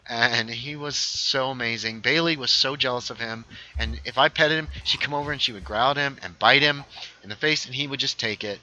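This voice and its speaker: A man's voice: mid-range voice, sharp tone, poor audio. A man casually chatting on a gaming livestream, rambling through stories and reading chat aloud. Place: home setup, playing a game.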